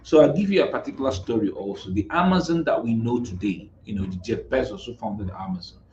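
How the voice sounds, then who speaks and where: A man's voice: mid-range voice, fast talker, darkish tone. A Nigerian man coaching on marketing, emphatic and repetitive, often checking in with "right?" as he explains. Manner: emphatic, repeats words, frequent "right?" tag questions. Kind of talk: motivational business talk. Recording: echoey, dull lo-fi room sound with faint noise.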